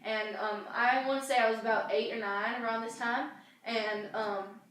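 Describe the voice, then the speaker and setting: A woman's voice: a little high, steady tone, moderate pace, fairly bright tone. Young woman rambling in an echoey room. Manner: rambling, lots of fillers and restarts. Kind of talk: casual storytelling. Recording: very echoey room, far from mic, faint noise.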